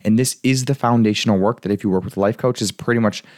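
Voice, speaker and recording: A young man hosts a casual life coaching podcast, talking fast in a somewhat low voice. He rambles cheerfully, laughs often and fills his talk with "like." The sound is dry and close, with no room in it. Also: darkish tone, no room sound. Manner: chatty, rambling, laughs often, says "like" a lot.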